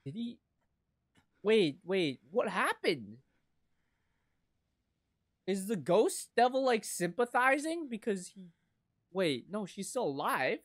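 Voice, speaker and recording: A woman reacting to an anime episode, excitable and foul-mouthed, breaking into loud outbursts and calling everyone "bro". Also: medium pitch, slow pace, pauses often. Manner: excitable, swears a lot, sudden loud outbursts; casual slangy talk, says "bro" a lot. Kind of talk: live reaction commentary.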